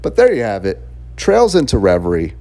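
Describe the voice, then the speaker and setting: Low-voiced man chatting through a review. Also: huge pitch swings, moderate pace, darkish tone. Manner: rambling and chatty, laughs often, fillers and restarts. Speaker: game reviewer. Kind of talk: casual spoken game review.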